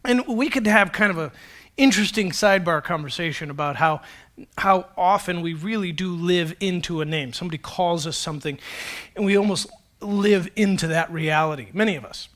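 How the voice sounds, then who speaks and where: Pastor, male, forties; high, ringing voice; animated, self-mocking storyteller. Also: fairly quick. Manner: animated, self-deprecating, acts out quotes. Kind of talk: storytelling sermon. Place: church stage.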